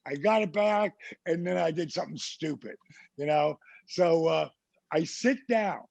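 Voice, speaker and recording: A man from New Jersey, a podcast guest, telling a casual story in an animated way and acting out the people he quotes. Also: on the high side, unhurried, creaky, no room sound. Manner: animated anecdote teller who acts out the people he quotes.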